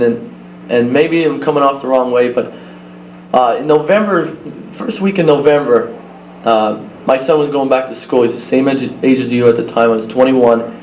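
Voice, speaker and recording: A young man speaks earnestly to a banquet crowd, often stopping and restarting his sentences. His voice carries through a roomy hall on a dull old videotape with a low hum behind it. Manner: earnest storytelling, halting restarts. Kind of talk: speech to a crowd.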